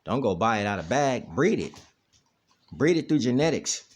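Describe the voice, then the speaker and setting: A man's voice: mid-range voice, big pitch swings, moderate pace. A man hosting a casual dog vlog at home, rambling and repeating "you know what I mean" as he plays with his dog. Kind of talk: casual chat. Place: at home, indoors. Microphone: camera.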